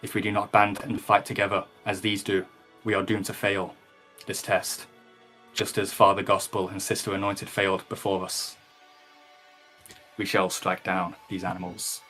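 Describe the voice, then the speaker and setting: A solemn holy warrior preaches in a low, grave voice, as a man puts him on in a tabletop game. He sounds measured and stern, with faint music underneath. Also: level tone, a bit bright. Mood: preaching.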